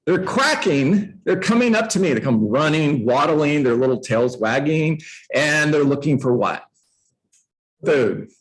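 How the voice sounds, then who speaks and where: A man who coaches real estate agents, telling a playful story to a room and jumping up in pitch for emphasis. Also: unhurried, poor audio. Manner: animated, playful, uses props, jumps up in pitch for emphasis; addresses listeners by name. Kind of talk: storytelling motivational talk.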